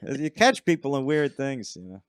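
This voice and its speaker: A man's voice: mid-range voice, big pitch swings, moderate pace, clean tone, no echo, studio quality. A middle-aged man, a stand-up comedian, telling long rambling anecdotes in a casual chat and acting out other people's lines. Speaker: stand-up comedian, podcast guest.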